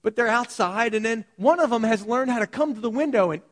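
A man preaching a sermon to his congregation, telling stories in an animated way and acting out the voices of the people in them. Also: very high-pitched, fairly quick. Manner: animated storytelling, acts out quoted voices. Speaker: pastor. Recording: long hall reverb.

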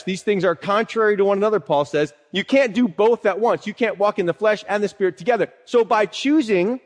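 A man pastor preaching a sermon in a conversational teaching way, quoting scripture and asking rhetorical questions. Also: high-pitched. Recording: long hall reverb.

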